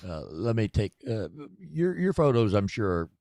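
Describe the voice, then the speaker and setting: Deep-voiced wry male co-host. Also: big pitch swings, unhurried, vocal fry, a little mellow, no echo. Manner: dry, wry jokes. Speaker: podcast co-host. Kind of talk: casual chat.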